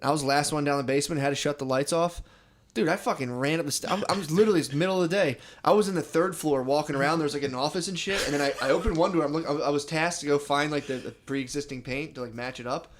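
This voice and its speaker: A man's voice: a little high, fast. A young man co-hosting a comedy podcast, telling rambling, swear-filled stories and saying dude constantly. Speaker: podcast co-host. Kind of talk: casual comedy podcast chat.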